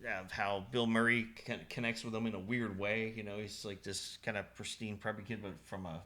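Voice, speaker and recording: A man's voice: lowish voice, level tone, brisk, pushed and bright. A man co-hosting a casual podcast, rambling through movie scenes, laughing often and quoting lines. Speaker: podcast co-host. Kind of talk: casual chat.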